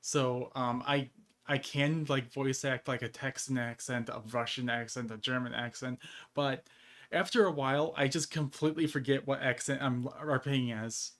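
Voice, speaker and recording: A male game streamer talking loosely over his play at an average, middling pitch. He rambles from thought to thought and laughs often between phrases. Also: fairly even intonation, normal speed, fairly bright tone. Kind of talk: casual gameplay chat.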